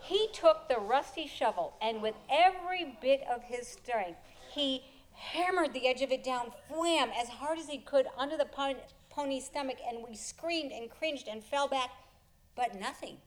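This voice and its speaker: A woman telling a personal story before an audience, expressive and often chuckling as she tells it. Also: high-pitched, measured pace.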